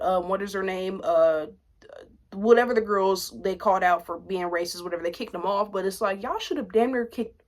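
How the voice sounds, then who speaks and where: A woman in her twenties ranting casually to camera, blunt and profane, jumping between loud outbursts and low asides. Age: 20s. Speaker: vlogger commenting on reality TV.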